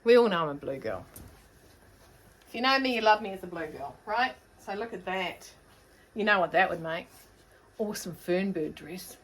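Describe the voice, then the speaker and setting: A woman's voice: medium pitch, animated, normal speed, pauses often, a bit bright. Chatty New Zealand woman sewing vlogger. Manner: chatty, rambling, self-mocking. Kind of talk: casual chat to camera.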